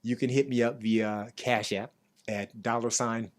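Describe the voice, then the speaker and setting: A middle-aged man hosting a casual interview show, talking easily and getting animated when he gives shout-outs. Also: mid-range voice, a little slow. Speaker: show host.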